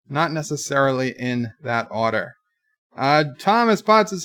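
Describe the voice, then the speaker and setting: A man's voice: a little high, animated, measured pace, a bit bright, smooth. A man hosting a livestream in a casual chat-reading style, reading viewers' messages aloud and answering with dry jokes. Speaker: livestream host.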